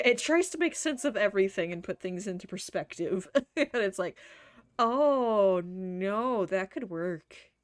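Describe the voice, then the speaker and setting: A woman's voice: medium pitch, no room sound, studio quality. A woman streamer chatting through live gameplay, laughing often, swearing freely and muttering to herself. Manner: frequent laughter.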